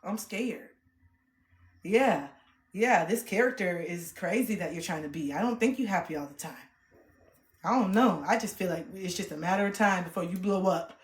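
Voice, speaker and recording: A woman's voice: on the low side, moderate pace, faint music behind. A woman livestreamer ranting in a blunt, profane, confrontational way. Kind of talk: livestream rant. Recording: roomy echo.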